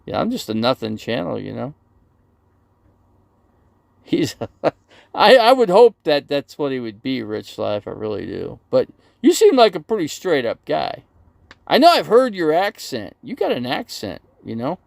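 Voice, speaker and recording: Gravelly, animated man livestreaming. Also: on the high side, measured pace, no echo, studio quality. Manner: rambling, reads viewer comments aloud and answers them. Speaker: RV channel livestreamer. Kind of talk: casual live-stream chat.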